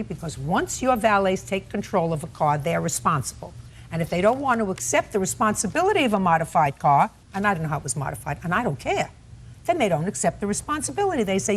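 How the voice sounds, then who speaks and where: A woman's voice: on the low side, big pitch swings, quick pace, slight background noise. A woman presiding as a television courtroom judge, stern and interrupting, mocking what others said with sarcasm.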